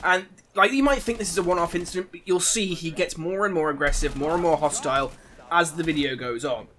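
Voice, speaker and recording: A man's voice: a little high, fairly quick, pushed and bright, a little hiss or hum. A man with an Irish accent ranting indignantly as he comments over gameplay footage. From Ireland. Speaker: gaming YouTuber.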